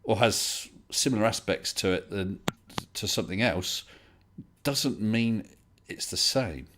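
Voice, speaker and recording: The host of a casual online debate livestream has a slightly low, somewhat bright voice, heard through a home computer mic on a voice call. He's polite, laughs readily, and restarts his sentences often while thinking out loud.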